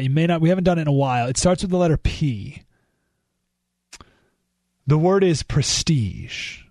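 A man hosting a political talk radio show, animated and exclamatory, thinking aloud with frequent restarts. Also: medium pitch, no echo, clean studio sound. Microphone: studio microphone.

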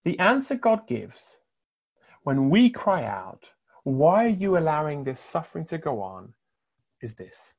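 A middle-aged man preaching a sermon with passion, building on rhetorical repetition and swinging between loud declarations and hushed phrases. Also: fairly high pitch, very animated, measured pace.

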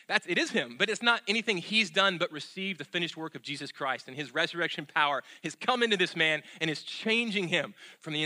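Bright-voiced man preaching a sermon. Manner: earnest, repeats key phrases, drops soft and low on closing lines; fillers and restarts in unscripted stretches. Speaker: pastor.

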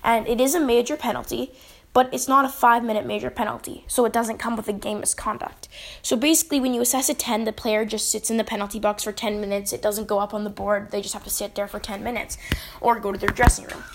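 Woman, hockey referee, casual advice, slightly high voice, vocal fry. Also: steady tone, quick pace. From British Columbia, Canada. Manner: chatty, leans on "basically" and "right?".

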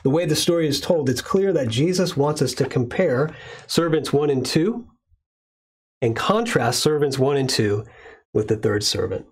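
A man preaching a sermon with a husky, slightly breathy voice. He speaks at a measured pace and slows down to lean on key words. His pitch sits in the middle range for a man. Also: expressive. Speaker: pastor.

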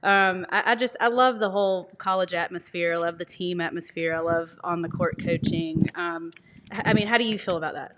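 A woman's voice: fairly low pitch, animated, a little fast, a little hiss or hum. Encouraging woman podcast host. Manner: warm, encouraging, laughs along. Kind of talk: casual interview chat. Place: office.

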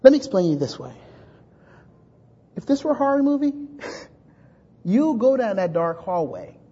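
A male pastor preaching a sermon in an animated way, often restarting words and acting out voices in his stories. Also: very high voice, normal speed, husky, dull audio.

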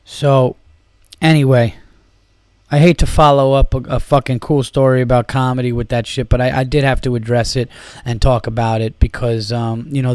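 A comedian hosting his own podcast, venting in a rambling, profanity-filled monologue full of fillers. His voice sits at an ordinary pitch for a man. The sound is close and dry. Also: darkish tone, clean tone, dry recording. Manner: rambling, heavy swearing, fillers. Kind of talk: profane solo podcast rant.

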